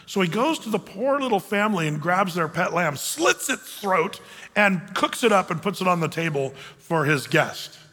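In a large hall with long reverb, a pastor preaches in a relaxed, conversational manner, animatedly imitating the people he quotes. His voice is high-pitched and his pace moderate.

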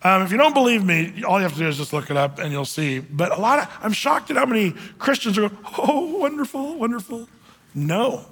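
A man's voice: high-pitched, very animated, fast talker, hardly any pauses, fairly bright tone, big-room sound. A man preaching a conversational sermon as pastor, mocking naive believers with sarcastic put-on voices.

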